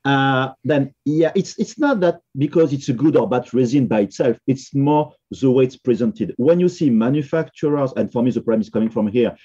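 French-accented male podcast guest, husky, halting, slightly dull recording. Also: medium pitch, mellow. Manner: hesitant, many fillers and restarts. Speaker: software company founder, podcast guest. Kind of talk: casual podcast conversation.

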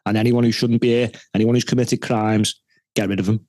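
A man's voice: fairly low pitch, little pitch movement, fairly quick, darkish tone, no echo. A man giving his view in a political talk show, blunt and firm. His voice sits mid-range and sounds dry and close, with no room around it. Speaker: panel guest.

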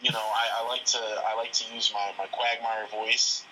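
A man's voice: fairly low pitch, little pitch movement, normal speed, sharp tone, slight background noise, poor audio. A man in his thirties from Pennsylvania, a voice actor chatting casually in an interview, rambling with lots of fillers. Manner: rambling, many fillers and restarts. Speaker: guest voice actor.

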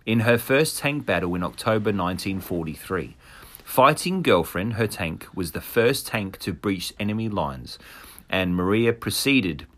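A man's voice: on the low side, lively intonation, a little slow. A man hosting a podcast, reading a war story aloud with casual asides. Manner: reads narration with laughs and asides. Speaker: podcast host.

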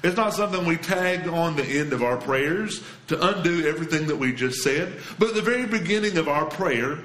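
A man preaching a sermon as a pastor, earnest and emphatic, going soft and low when he quotes scripture. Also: lively intonation, brisk. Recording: roomy echo.

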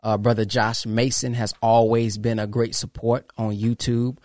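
A man's voice: mid-range voice, flat delivery, normal speed, darkish tone, dry recording, studio quality. A man hosting his own podcast, speaking in an emphatic, preachy way, repeating phrases and acting out quoted exchanges. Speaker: podcast host. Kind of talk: casual monologue to followers.

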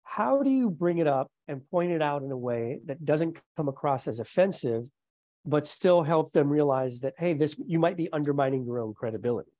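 A male interview host with a somewhat high voice asks follow-up questions and affirms his guest with enthusiasm. His voice is recorded close and dry, with no room sound. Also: expressive, normal speed, warm tone, dry recording. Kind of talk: casual interview chat.

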